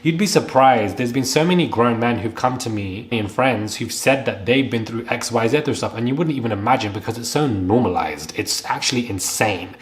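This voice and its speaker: A young man, speaking earnestly to camera while close to tears, halting and repeating himself. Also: mid-range voice. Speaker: vlogger. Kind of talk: emotional to-camera commentary.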